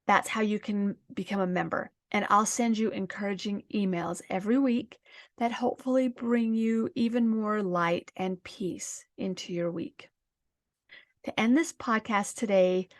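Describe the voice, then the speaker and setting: A woman hosting a self-help podcast, calmly guiding listeners through exercises in a slow, gentle, encouraging way. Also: medium pitch, dry recording, clean studio sound. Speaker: podcast host.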